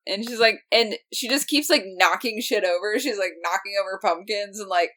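A woman's voice: medium pitch, normal speed, fairly bright tone. A woman co-hosting a podcast, recapping an episode in casual chat, giggly and full of "like". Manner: chatty, giggly, lots of "like".

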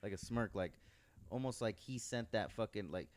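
A man's voice: on the low side, normal speed. A man hosting a podcast, chatting casually with short agreements and rambling storytelling. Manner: relaxed, frequent short agreements, loose storytelling. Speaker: podcast host. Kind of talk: casual chat.

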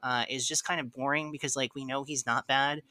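A man hosting a podcast in a casual review chat. His voice is strikingly bright and forceful, and the sound is close and dry with no room around it. He recaps plot points and laughs easily. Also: medium pitch, fairly even intonation, a little fast, no room sound. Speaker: podcast host.

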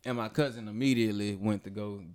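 A man's voice: lowish voice, fast talker, clean tone. A man on a podcast, telling a story in casual, profane chat and acting out the people in it. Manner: animated, profane storytelling with voiced quotes. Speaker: podcast host.

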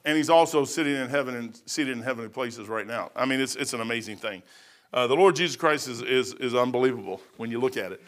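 With a medium-pitched, slightly bright voice, an older man from Kentucky rambles through a folksy sermon, acting out the Bible characters in his tales with quick voices.

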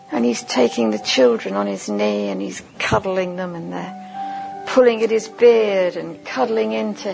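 Slow gravelly woman preaching a story. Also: a little high, darkish tone, low-quality recording. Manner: vivid second-person storytelling, slow and deliberate. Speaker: conference speaker. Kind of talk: sermon as guided imaginative storytelling.

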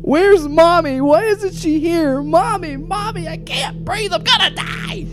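A woman's voice: extremely high pitch, a little slow, over music, voice pushed up. A woman voicing a terrified five-year-old girl who pleads, whimpers and cries for help. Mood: panicked.

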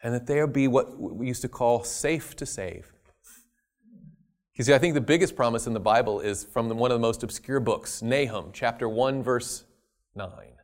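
A man preaching a sermon, stressing key words loudly and then dropping to quiet asides. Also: medium pitch, normal speed. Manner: emphatic, swinging between loud stresses and quiet asides.

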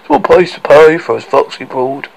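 A man's voice: on the high side, normal speed, vocal fry, low-quality recording. A man voicing a smug, self-crowned king in an improvised story, commanding in tone.

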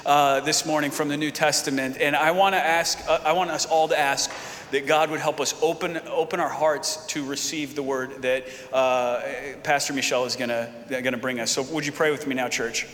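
A man's voice: fairly high pitch, fairly even intonation, moderate pace, fairly bright tone, a little hiss or hum. A man who is a pastor, leading an earnest congregational prayer full of repeated phrases and fillers, then interpreting a guest preacher. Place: church sanctuary. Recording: reverberant church hall.

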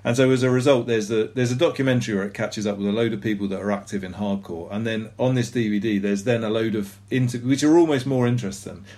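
A man's voice: on the low side, quick pace, few pauses, mellow. Rambling man chatting on a podcast. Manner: rambling, self-deprecating, many fillers. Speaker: podcast co-host. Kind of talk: casual chat.

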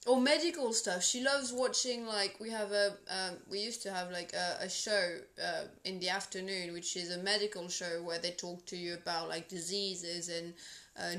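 A woman's voice: mid-range voice, fairly bright tone. Woman, French accent, native French speaker, podcast co-host, casual teasing chat, echoey room. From France. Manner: teasing, chatty.

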